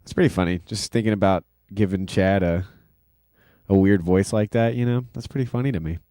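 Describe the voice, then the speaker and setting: A man's voice: deep voice, fairly quick, warm tone, no room sound, clean studio sound. A man hosting a casual livestream, rambling loosely with lots of fillers and self-deprecating asides. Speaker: livestream host and music producer.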